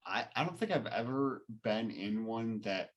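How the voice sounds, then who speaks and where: A man with a very low voice co-hosting a casual podcast. He is laid-back and often chimes in with short, agreeing replies before adding his own bits. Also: lively intonation, measured pace, dull audio. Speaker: podcast co-host. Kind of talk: casual chat.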